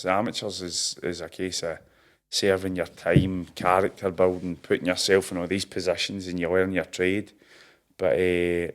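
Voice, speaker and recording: A man's voice: sits low, flat delivery, moderate pace. A Scottish man in his thirties, a professional boxer, chatting casually in an interview and telling stories with broad slang and laughs at himself. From Scotland. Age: 30s.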